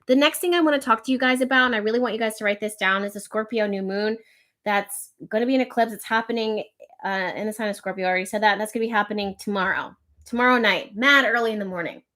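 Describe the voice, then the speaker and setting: A woman's voice: mid-range voice, fast, fairly bright tone. A young woman hosting an astrology livestream, talking casually and reading out viewers' comments. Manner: chatty, reads out viewer comments. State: out of breath, wheezing.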